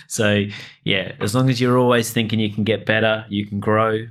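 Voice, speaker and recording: A man's voice: lowish voice, flat delivery, normal speed, a bit bright, clean tone. A man co-hosting a podcast, giving casual motivational advice to real estate agents. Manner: motivational, peppered with "you know" and laughs.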